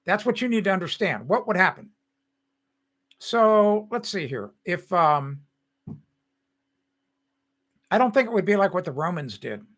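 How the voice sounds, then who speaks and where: A man in his sixties from the United States, hosting a live stream with a bright, forceful voice that sits a little high for a man. He rambles casually and breaks off to answer chat comments. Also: very animated, normal speed.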